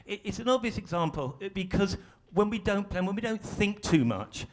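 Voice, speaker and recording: Male facilitator, fairly high and very animated voice, chatty and self-deprecating onstage. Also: normal speed. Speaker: workshop facilitator. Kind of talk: live presentation to an audience. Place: large ballroom stage.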